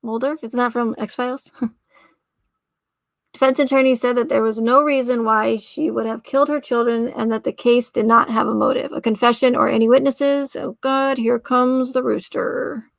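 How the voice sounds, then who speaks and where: Gravelly-voiced woman rambling on a livestream. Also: a little high, steady tone, moderate pace, no room sound. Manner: rambling, trails off and corrects herself while reading; laughs often. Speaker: livestream host. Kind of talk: casual livestream chat, reading aloud.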